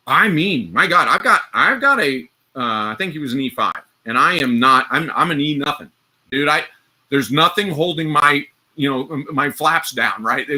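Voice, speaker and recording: A man with a strikingly bright, tense voice tells a story in a loose, casual way. He swears freely and laughs as he talks, like a host chatting on a live stream. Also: medium pitch. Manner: profane, vivid storyteller who laughs mid-sentence.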